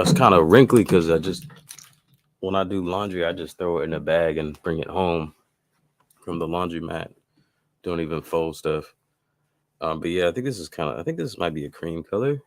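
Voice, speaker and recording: A man's voice: deep voice, moderate pace, long pauses. A man hosting a casual live-stream beat-making tutorial, talking in a loose, rambling way with lots of fillers and restarts.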